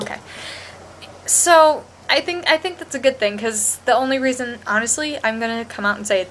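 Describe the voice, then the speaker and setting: A woman's voice: on the high side, normal speed, a bit bright, a little hiss or hum. A young woman vlogging a rambling, gushing TV review with lots of restarts. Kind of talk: casual chat to camera.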